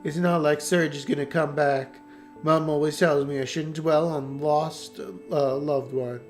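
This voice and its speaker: A man's voice: fairly high pitch, steady tone, measured pace, soft background music, lightly acted. A man voicing a young village girl in a game playthrough, reading her dialogue plainly. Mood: wistful.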